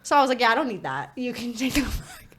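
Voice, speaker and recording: A woman co-hosting a podcast, telling a story in casual chat, animated and laughing, full of filler words. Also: a little high, fast, background noise. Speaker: podcast co-host.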